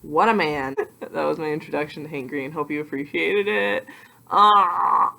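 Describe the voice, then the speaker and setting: A young adult woman vlogging casually to her computer webcam, rambling and excitable with self-mocking asides. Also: sits low, normal speed, vocal fry. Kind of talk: casual vlog talk to camera.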